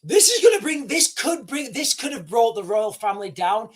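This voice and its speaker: A man hosting a livestream, reading breaking news aloud live. He is excitable, swears freely, and stammers and restarts his sentences. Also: very high voice, normal speed, breathy edge. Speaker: livestream host.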